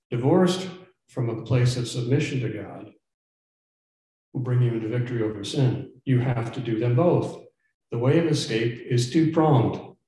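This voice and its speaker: A man's voice: mid-range voice, dark tone. A man preaching a sermon as pastor, earnest and emphatic, sometimes stumbling and repeating words as he presses a point. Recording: very echoey church room.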